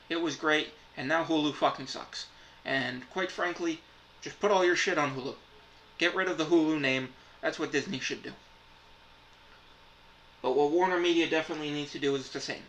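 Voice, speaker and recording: Frustrated man, bright and cutting tone, nonstop swearing, vlog rant. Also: on the high side, a little hiss or hum, poor audio. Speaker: reviewer. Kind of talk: profane ranting review.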